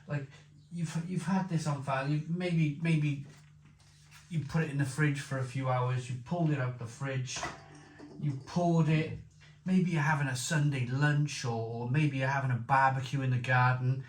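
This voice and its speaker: A man's voice: mid-range voice, normal speed. A man reviewing a beer in casual chat, enthusiastic, repeating himself and rambling. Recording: echoey room with faint noise.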